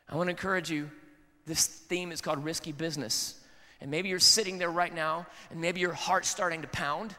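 A man's voice: fairly high pitch, pushed and bright. A man in his thirties preaching a sermon in a casual, conversational and earnest way. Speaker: pastor. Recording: long hall reverb.

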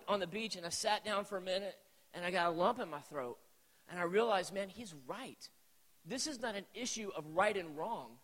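A man in his forties telling a personal story as a sermon to a live youth audience, animated and talking straight to the crowd. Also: sits high. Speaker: preacher at a youth event. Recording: echoey hall.

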